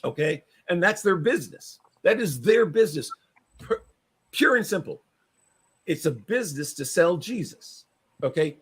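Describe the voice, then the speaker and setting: A man's voice: high-pitched, very animated, a little slow, long pauses, fairly bright tone, slightly rough. A man, a paranormal investigator, chatting as a guest on a podcast in a rambling, preachy way that repeats itself. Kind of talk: casual podcast chat.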